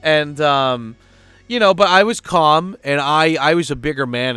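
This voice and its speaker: A man's voice: a little high, a little slow, bright, forceful tone, smooth, no echo. A man living abroad, telling a story in a casual vlog rant, rambling and swearing freely. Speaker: vlogger living in Japan.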